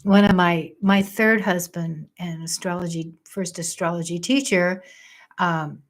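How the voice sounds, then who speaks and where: A woman's voice: fairly low pitch, steady tone, a little slow. An older woman astrologer chatting casually on a livestream, thinking aloud and joking about her trouble with the technology.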